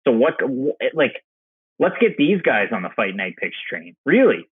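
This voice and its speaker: Male podcast co-host, mid-pitched and husky, dry phone-quality audio. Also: sing-song, normal speed, dry recording. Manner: rambling, restarts often. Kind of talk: casual sports chat.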